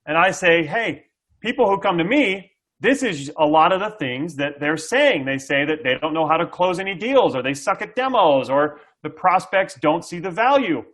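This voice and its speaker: Man, middle-aged, sales coach, energetic, fairly high voice, acts out buyer dialogue. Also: normal speed. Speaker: SaaS sales coach, guest. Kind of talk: explaining sales tactics to an interviewer.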